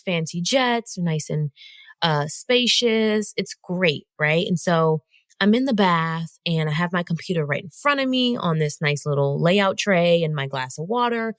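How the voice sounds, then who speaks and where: A woman hosting a solo podcast, telling a story in an animated, conversational way and talking straight to her listeners. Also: on the low side, no room sound. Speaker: podcast host.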